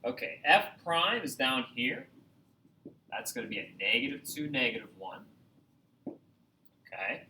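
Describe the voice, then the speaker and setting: Lively, bright-voiced male math teacher. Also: medium pitch, measured pace, long pauses, slight background noise. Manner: upbeat, joking, talks to viewers directly. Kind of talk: recorded video lesson.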